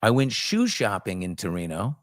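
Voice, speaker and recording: Fifties male host, animated raconteur with big pitch jumps, dry studio mic. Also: normal speed, no echo. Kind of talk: casual chat show storytelling.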